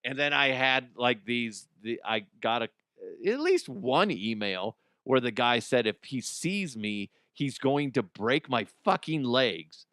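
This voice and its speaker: A man who is a radio host, telling a casual comedic story, animated, swearing and laughing as he talks. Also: medium pitch, slow, no echo, clean studio sound. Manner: animated, swearing, laughs often, slips into voices.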